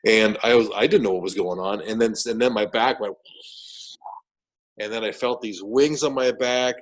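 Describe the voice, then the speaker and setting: A man with a lowish voice recounts his experience as a guest in an interview. He talks animatedly, doubling back on words and restarting sentences as he goes. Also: moderate pace, rough recording. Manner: animated, repeats words and restarts sentences while retelling events. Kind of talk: casual storytelling interview.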